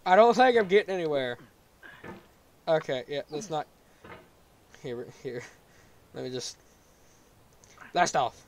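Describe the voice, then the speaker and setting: Man, game commentary, excitable, lively wide-ranging pitch, faint hiss. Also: a little slow, long pauses. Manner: excitable, yelling in frustration. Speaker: gaming YouTuber.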